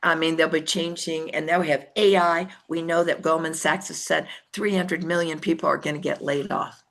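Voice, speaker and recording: A woman's voice: sits low, steady tone, normal speed, a bit bright. A woman giving a direct, emphatic talk to a team and putting questions to her listeners. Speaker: speaker addressing a team.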